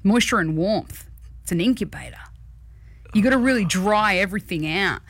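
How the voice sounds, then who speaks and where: A woman co-hosting a breakfast radio show, chatting casually with lively, animated storytelling. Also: medium pitch, moderate pace.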